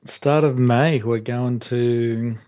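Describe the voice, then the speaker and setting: A man co-hosting a podcast, relaxed with a dry humour. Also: medium pitch, slow pace, no room sound. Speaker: podcast co-host. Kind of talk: casual chat.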